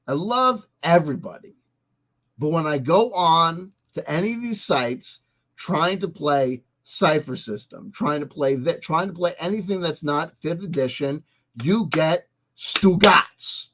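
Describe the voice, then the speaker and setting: A man hosting a vlog, ranting emphatically with profanity and swinging between loud outbursts and soft asides. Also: fairly high pitch, expressive, unhurried. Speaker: host.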